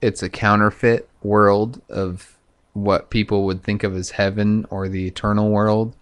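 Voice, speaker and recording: A man talking in a loose, profane, halting monologue full of fillers, vlogging to camera. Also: fairly low pitch, little pitch movement. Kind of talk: casual rambling monologue.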